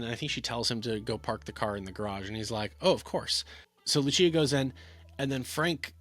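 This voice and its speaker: A man's voice: mid-range voice, bright, forceful tone. A man giving a casual talking-head film review, rambling, with many fillers and restarts.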